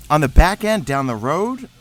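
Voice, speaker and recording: A man's voice: on the high side, very animated, slow, a bit bright, faint music behind. Rambling man chatting about games. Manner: rambling, filler-heavy, thinks aloud. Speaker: co-host of a gaming discussion. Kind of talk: casual chat.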